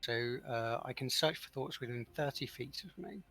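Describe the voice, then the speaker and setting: A man talking through his moves in a tabletop game, loose and casual, with lots of "like" and "kind of". His voice is bright and edged. It sits at a medium pitch. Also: moderate pace, no room sound. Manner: casual, full of fillers like "kind of" and "like". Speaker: player.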